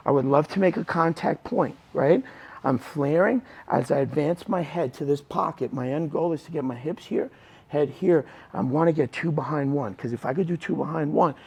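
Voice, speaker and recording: Middle-aged guy coaching jiu-jitsu on the mat, raspy gravelly voice, keeps going "right? okay?". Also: a little high, a little mellow. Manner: acts out students' lines in quick asides. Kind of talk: mat-side technique instruction.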